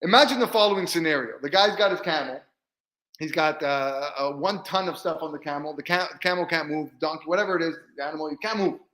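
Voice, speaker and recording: A man, a rabbi, teaching a weekly Torah class in a lively way, acting out bits of dialogue and often repeating words. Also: on the high side, quick pace, roomy sound, low-quality recording. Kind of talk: Torah lesson.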